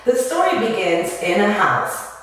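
A woman teaching a children's yoga and movement lesson, telling an animal story in a slow, singsong way. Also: mid-range voice, big pitch swings, fairly bright tone. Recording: echoey room from a distance.

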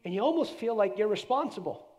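A middle-aged man preaching a sermon at a church conference, animated, dropping into a hushed voice when he acts out prayers. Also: high-pitched, fast talker.

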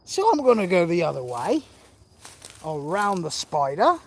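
A man putting on a mock Australian accent as a boastful outback adventurer, talking in a slow, loud drawl. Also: high-pitched, huge pitch swings, breathy edge, exaggerated voice.

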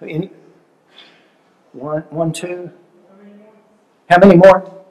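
An older man leads a relationship seminar in an easy, conversational way. His voice sits a little higher than most men's, and he tells homely stories while checking in with his listeners. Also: fairly even intonation, takes it slowly, darkish tone, poor audio. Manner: conversational, storytelling, asks audience questions. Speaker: seminar speaker.

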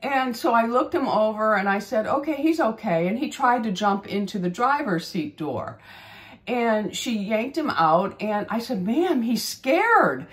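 Rambling, chatty woman in her fifties hosting a casual beauty vlog, average pitch. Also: measured pace. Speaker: beauty channel host. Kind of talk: casual chat.

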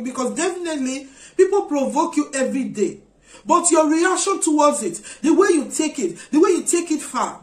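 A woman preaching a sermon, urging her listeners with earnest, repeated exhortations. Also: high-pitched. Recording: echoey room.

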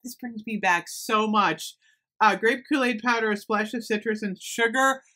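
A woman reviewing scented products in an excited, gushing chat, gasping and saying "oh my gosh" often. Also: fairly high pitch, normal speed. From United States. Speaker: beauty haul vlogger.

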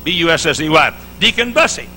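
A man's voice: fairly high pitch, very animated, fairly quick, pushed and bright, a little hiss or hum, full character voice, low-quality recording. A man quoting a courteous country church deacon during a sermon. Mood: polite. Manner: courteous, formal.

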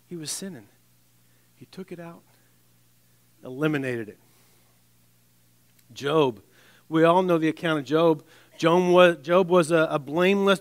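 A man preaching a sermon in a conversational way, with wry asides and restarts, dropping to a soft, low voice on scripture. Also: dry recording.

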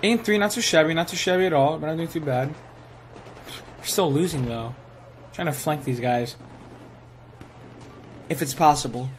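A young man giving live commentary while playing a shooter game, excitable and swearing, sometimes saying he is tired. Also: fairly high pitch, moderate pace, pauses often, a little hiss or hum. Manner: excitable, swears, yells at kills. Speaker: gaming streamer.

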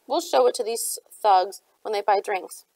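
Woman reading as a gruff old bartender. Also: mid-range voice, unhurried, a little mellow, dry recording. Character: gruff old one-eyed male bartender.

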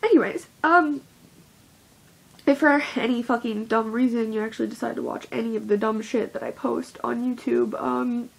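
A woman's voice: a little high, moderate pace, creaky, slightly rough. A young woman giving a rambling, heavily profane, self-deprecating confessional vlog monologue as a YouTuber.

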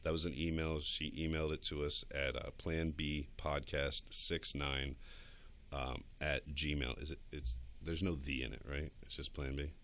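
In a recording studio, a man co-hosts a podcast full of crude, casual chat, boasting, swearing, and laughing a lot. His bass voice is level and normally paced, with a pushed, bright sound.

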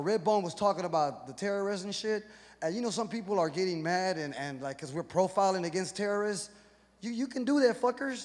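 A male stand-up comedian from Houston, Texas, talking profanely and acting out voices on stage. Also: high voice. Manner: profane, animated, acts out voices. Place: live comedy venue with audience. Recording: echoey hall with crowd noise.

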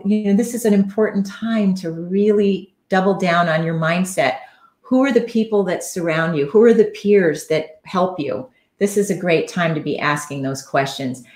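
A woman's voice: lowish voice, echoey room. A woman coach giving an earnest, conversational solo talk on a live stream, with frequent fillers.

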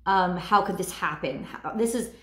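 A woman doing a weekly tarot card reading, talking in a halting way and searching for her words. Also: on the low side, a bit bright, echoey room. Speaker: tarot reader.

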